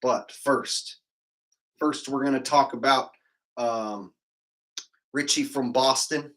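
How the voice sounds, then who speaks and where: A man hosts a casual livestream and rambles loosely from one thought to the next. His voice has a gravelly fry and a bright, forceful edge. He sits in the middle of the usual male pitch. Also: steady tone, slow, pauses often. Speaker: livestream host.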